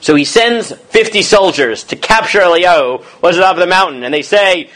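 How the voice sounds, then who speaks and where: A man with a fairly high, bright-sounding voice leads an informal Torah class as a rabbi. He moves between chanting Hebrew verses and loose, animated paraphrase. He keeps checking in with his students as he goes. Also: a little fast, few pauses. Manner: animated, casual, acts out quoted lines; questions students often, adds "right?".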